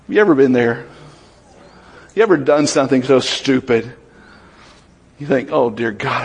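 A man's voice: medium pitch, breathy edge. A man preaching a sermon in a conversational way, asking the congregation questions and acting out voices from the Bible.

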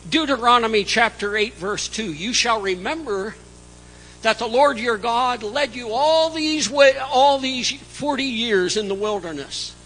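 Male pastor for a church sermon: high, bright voice, unhurried and emphatic, swinging between loud and soft. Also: expressive, low-quality recording. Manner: slow, emphatic preaching with dramatic swings in loudness.

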